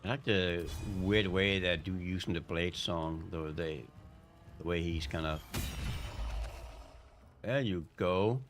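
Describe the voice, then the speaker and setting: A man streaming a video game, commenting casually in a halting, rambling way. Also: low-pitched, background noise. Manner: rambling, halting, self-correcting. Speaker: gaming streamer. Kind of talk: casual let's-play commentary.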